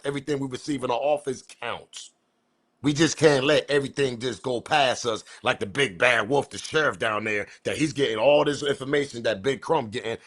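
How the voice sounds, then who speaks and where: A man hosting a commentary video, ranting about the news with profanity and loud emphatic bursts. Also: medium pitch. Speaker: commentary channel host.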